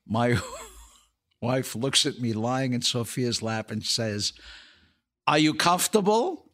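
A man's voice: medium pitch, sharp tone. An older man, an actor and comedian, telling show-business stories as a podcast guest, laughing through his punchlines. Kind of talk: casual anecdote telling.

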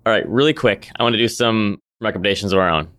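A man co-hosting a casual podcast, laid-back and quick to chuckle. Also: fairly low pitch, a bit bright. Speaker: podcast co-host. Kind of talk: casual chat.

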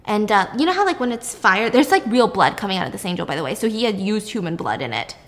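A young woman casually recapping a film's plot in animated detail, swearing freely as she goes. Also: medium pitch, fast, long reverb tail.

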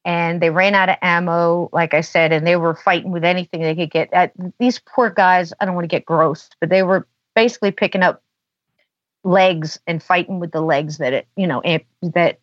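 A woman's voice: fairly low pitch, brisk, no room sound. Woman, casual storyteller, dry lo-fi sound, filler-heavy chat. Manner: chatty, lots of filler "you know". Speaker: podcast guest.

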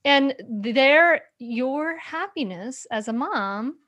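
A woman hosting a podcast interview, animated and speaking straight to her listeners. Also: sits high, takes it slowly, muffled recording. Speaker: podcast host. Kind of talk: conversational interview.

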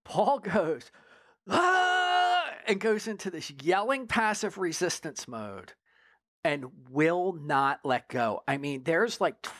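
A former drug agent tells a story in a casual interview, animated and profane, constantly checking in with "right?" His fairly high voice keeps a measured pace. The sound is clean studio quality with no echo.

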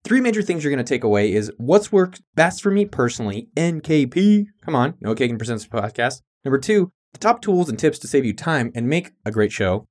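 A man's voice: mid-range voice, very animated, a little fast, hardly any pauses, darkish tone. A man hosting his own podcast in a hyped, jokey, casual monologue with some cussing. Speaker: podcast host.

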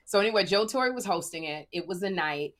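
Middle-aged female comic, lively talk with a swinging pitch, joking storyteller. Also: fairly quick. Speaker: stand-up comedian. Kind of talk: casual podcast chat.

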